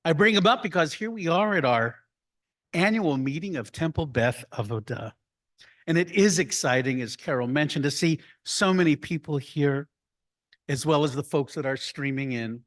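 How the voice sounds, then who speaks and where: A man, a rabbi, giving a slow, deliberate report and story to his congregation at an annual meeting. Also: a little high, fairly bright tone. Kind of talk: congregational address. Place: room filled with people.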